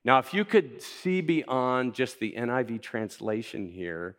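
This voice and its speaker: Man, pastor, sermon, mid-pitched voice, very animated intonation, chatty and playful. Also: measured pace. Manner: conversational and playful, asks the congregation questions.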